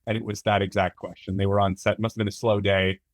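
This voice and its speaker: Low-voiced man, agreeable and talkative. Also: level tone, fast, no echo. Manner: agreeable, explains at length with many fillers and restarts. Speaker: camera product manager guest. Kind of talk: casual interview chat.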